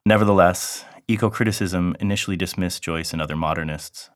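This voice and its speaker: A man reading an academic lecture in a measured, deliberate way. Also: low voice, no room sound.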